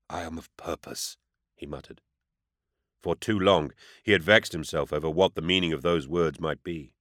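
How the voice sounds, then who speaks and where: A man giving scripted audiobook narration in a measured, grave storytelling manner. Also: deep voice, a bit bright, no room sound, studio quality.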